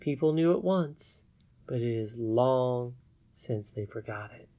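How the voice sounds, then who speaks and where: A man reading an audiobook, voicing a wise, gentle old princess in a solemn, measured way. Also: medium pitch, expressive, muffled recording.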